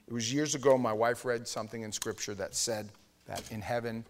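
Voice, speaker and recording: A man in his fifties from New York preaches in a chatty, rambling storytelling style, full of restarts. His voice sits in an ordinary middle register and climbs into loud, shouted punchlines at the peaks of his stories. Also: mid-range voice, steady tone, brisk. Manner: conversational, frequent restarts and fillers. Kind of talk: storytelling sermon.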